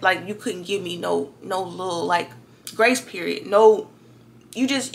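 A twenty-year-old woman from Louisiana, telling a story in a chatty, animated vlog to her viewers. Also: mid-range voice. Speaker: vlogger.

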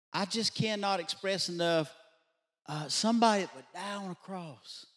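A pastor preaching a midweek Bible study, telling a story in a conversational way and putting rhetorical questions to his congregation. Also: fairly high pitch. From Louisiana. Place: church sanctuary.

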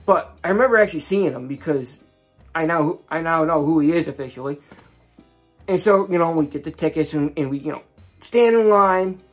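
A man's voice: a little high, a little fast, faint music behind. A young man telling a personal story in a casual vlog, rambling along with many restarts and voicing the people he talks about. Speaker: vlogger.

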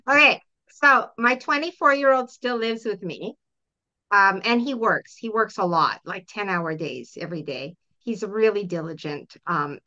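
A middle-aged woman with a bright, forceful voice explains parenting ideas earnestly, now and then slipping into little acted-out exchanges. The audio is dull and lo-fi. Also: fairly high pitch. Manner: earnest, explanatory, acts out example dialogues. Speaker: parent coach guest. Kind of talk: interview answers.

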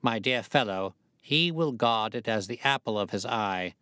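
A man reading the part of a sharp, confident male detective, crisp and faintly amused. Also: fairly low pitch, animated, normal speed, no echo, studio quality.

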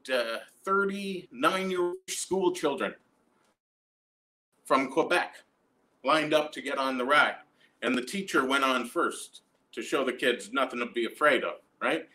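A young man with a Canadian accent doing a stand-up set from home, telling a long story with deadpan asides and frequent tag questions. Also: mid-range voice. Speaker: stand-up comedian.

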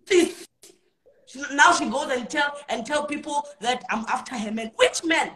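A woman's voice: sits high, moderate pace, a bit bright, a little hiss or hum. A woman ranting angrily and emphatically in a heated casual chat. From South Africa.

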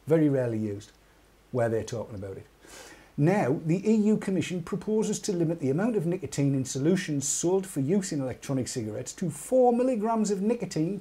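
A man's voice: a little high, dark tone, slightly rough. An English man co-hosting an online talk show, chatting casually and reading a news story aloud with wry, jokey asides. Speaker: podcast co-host.

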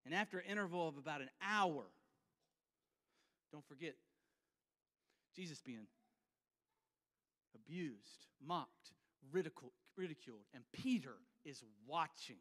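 High bright-voiced preacher in a reverberant church. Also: male voice, expressive, a little slow, pauses often. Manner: acts out scenes with volunteers, shifting between loud and hushed. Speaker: pastor. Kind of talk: sermon. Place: church sanctuary. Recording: church hall with long reverb.

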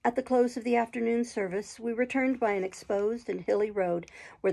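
Husky, gravelly woman narrating an audiobook. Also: fairly high pitch. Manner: steady, measured storytelling with occasional stumbles. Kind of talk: audiobook reading of a classic novel.

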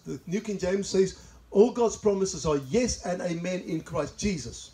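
Speaking a little slowly in a high, mellow voice, this man from South Africa, a pastor with a South African accent, delivers a sermon during a church service in a greenhouse. He's chatty, shares personal stories and laughs at his own asides, though the audio is poor.

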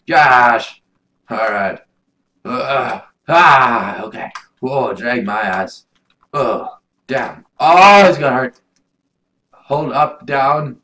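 A young man giving loud, swearing let's play commentary, swinging between shouts and mumbles. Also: medium pitch, animated, drawn-out words, pauses often, rough recording. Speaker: gaming YouTuber.

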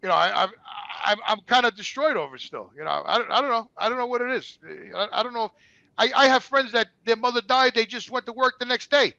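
A man speaks quickly in a rough, gravelly voice. He rambles as he talks, stumbling over repeated words and swearing often. The sound is close and dry. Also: very high voice, sharp tone, dry recording, muffled recording. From New York. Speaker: guest. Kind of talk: candid conversational storytelling.

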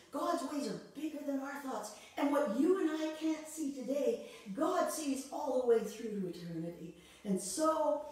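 A woman pastor preaching a sermon, expressive, acting out quoted voices and repeating words as she speaks. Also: high voice. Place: church sanctuary. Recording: echoey church hall from far off.

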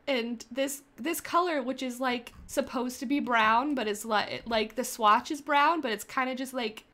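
Woman gaming creator, young adult, higher voice with bouncy swings, chatty running commentary. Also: fairly bright tone. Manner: chatty, thinking aloud, often laughing at herself. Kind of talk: casual gameplay commentary.

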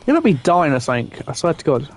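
Exasperated swearing gamer. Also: male voice, a little high, sing-song, racing. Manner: exasperated, swearing, yelling at game characters. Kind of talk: let's play commentary. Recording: game sounds and noise behind voice.

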